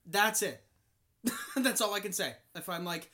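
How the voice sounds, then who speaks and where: A young man co-hosting a casual chat, joking and swearing in quick banter. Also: high voice, animated, sharp tone. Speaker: podcast co-host.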